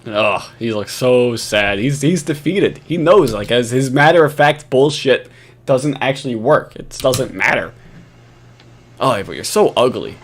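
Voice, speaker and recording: A man's voice: medium pitch, expressive, unhurried, slight background noise. A man giving casual reaction commentary over footage, profane and mocking, often laughing.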